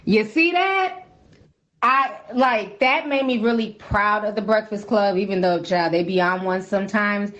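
A woman's voice: mid-range voice, measured pace, fairly bright tone. A woman giving gossipy commentary in an exuberant, sassy manner.

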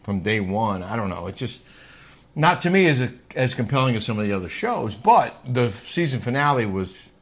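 A man's voice: mid-range voice, very animated, normal speed, husky. Easygoing man co-host. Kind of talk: casual podcast chat.

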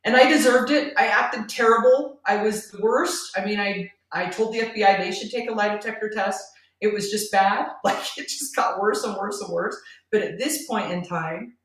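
A middle-aged woman appears as a podcast guest, sharing a personal story earnestly and laughing between lines. Her voice is mid-range at a normal speed, and the mic sits at a distance in a roomy space.

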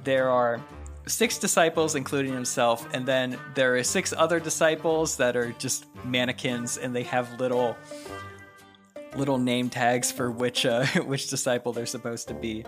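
Brief: male podcast host, mid-pitched, animated comic storyteller, music underneath. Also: moderate pace. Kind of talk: comedic storytelling.

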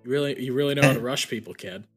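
A man voicing a brash, impatient character who barges in and rushes people, talking in a gruff, abrupt way. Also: mid-range voice, faint music behind, pitched below the performer's own voice, lightly acted. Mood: brusque.

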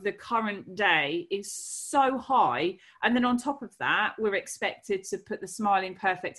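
A woman's voice: mid-range voice, fairly bright tone. A woman from England ranting frankly about parenting, swearing heavily and bluntly. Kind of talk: casual chat.

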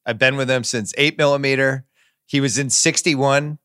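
A man's voice: mid-range voice, fairly even intonation, normal speed, sharp tone, smooth, no echo, clean studio sound. A man hosting a podcast, chatting casually, enthusiastic and blunt, swearing now and then. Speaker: podcast host. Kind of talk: casual chat.

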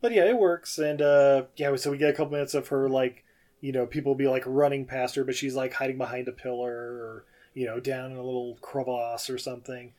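A man's voice: mid-range voice, fairly even intonation, a little fast, a little mellow. A man co-hosting a podcast, casually recapping a film scene by scene, laughing often and acting out the characters' lines. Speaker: podcast co-host.

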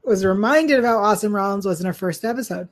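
A woman in the host's chair of a chat podcast, easygoing and loose. She fills pauses with ums and laughs lightly between thoughts, in a voice of middle pitch. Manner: relaxed, lots of ums, laughs between lines. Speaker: podcast host. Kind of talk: casual chat.

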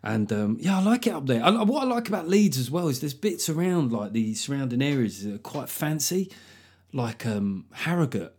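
Sweary comedian hosting a podcast. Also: male voice, medium pitch, normal speed, husky. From London. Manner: sweary, joking, lively storytelling. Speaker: podcast host and stand-up comedian. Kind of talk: solo podcast monologue.

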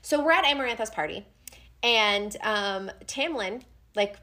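A young woman co-hosting a casual book chat, animated and reading passages aloud with feeling. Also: medium pitch, unhurried. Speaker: podcast co-host.

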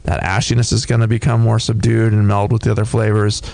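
Male podcast co-host, low gravelly voice, dry close-mic sound, halting delivery. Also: little pitch movement, a little mellow, dry recording. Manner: thoughtful, halting, many fillers and restarts. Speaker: podcast co-host reviewing beer. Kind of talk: casual tasting chat.

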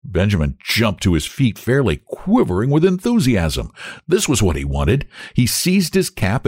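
A man narrating a story aloud with expressive storytelling. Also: fairly low pitch, dry recording, clean studio sound. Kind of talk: audiobook narration.

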